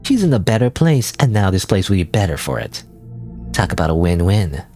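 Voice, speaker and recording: A man's voice: low voice, big pitch swings, a little fast, warm tone, faint music behind, voice pushed down. A man voicing a smug, spiteful nun in a game, with a mocking, snide delivery. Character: smug, spiteful young nun who gloats.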